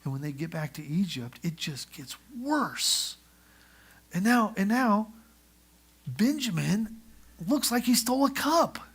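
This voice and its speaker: A man preaching a sermon in church, telling the story in a lively way and acting out the characters. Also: high-pitched, unhurried, long pauses, breathy edge. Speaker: pastor. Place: church sanctuary.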